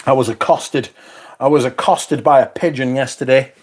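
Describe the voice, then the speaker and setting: A man's voice: medium pitch, steady tone, normal speed, husky. A man talks casually on his livestream. He swears a lot and reads out viewers' comments as he goes. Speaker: livestream host reading chat.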